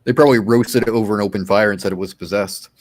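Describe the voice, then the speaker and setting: A man's voice: on the low side, steady tone, quick pace, dry recording. A man co-hosting a casual podcast, retelling stories with dry humor.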